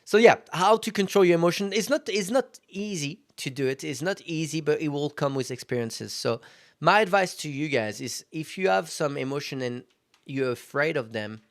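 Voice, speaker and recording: Gravelly-voiced man hosting a solo podcast. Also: a little high, animated, moderate pace, no room sound, studio quality. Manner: conversational, self-reflective, frequent fillers. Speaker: podcast host. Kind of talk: casual solo podcast monologue.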